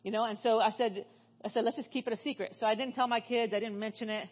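A woman's voice: fairly high pitch, fairly even intonation, fast, husky, highs cut off. A middle-aged woman giving a sermon in a church, telling stories in a chatty way full of fillers and restarts. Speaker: guest speaker. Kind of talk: storytelling sermon.

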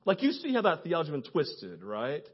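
A man with a high, slightly husky voice preaches to his church. He tells stories with animation and acts out each character's lines. The recording sounds dull and lo-fi. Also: brisk. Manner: lively storyteller, acts out quoted voices, laughs often. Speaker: pastor. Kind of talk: sermon with animated storytelling.

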